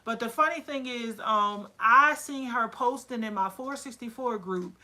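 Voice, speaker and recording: Chatty, excitable woman with a bright voice. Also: a little high, unhurried. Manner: chatty, excitable, with many fillers and quoted asides. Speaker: candle-making business owner. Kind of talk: casual livestream chat.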